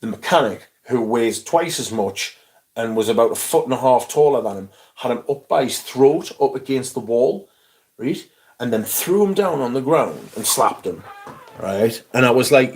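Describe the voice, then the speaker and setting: A middle-aged man, telling an animated, swear-filled story on a casual livestream. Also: mid-range voice, normal speed. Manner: swearing, animated anecdote with quoted voices. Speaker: livestream host.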